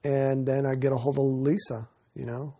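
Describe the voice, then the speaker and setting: A man's voice: mid-range voice, flat delivery, normal speed, lo-fi sound. A man in a documentary interview, telling his story in an earnest, rambling way with frequent restarts. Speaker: interviewee recounting an experience.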